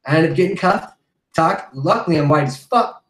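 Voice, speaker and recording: A man's voice: on the high side, expressive, moderate pace, roomy sound, poor audio. A man on a podcast ranting casually, heated and profane, rambling with restarts. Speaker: podcast host. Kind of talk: casual rant.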